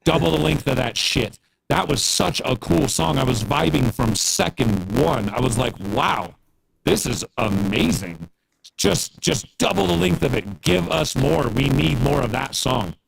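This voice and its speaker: A man's voice: medium pitch, expressive, moderate pace, creaky, slight background noise, poor audio. A man chatting casually on a livestream as a guest music producer, earnest and encouraging, rambling with fillers.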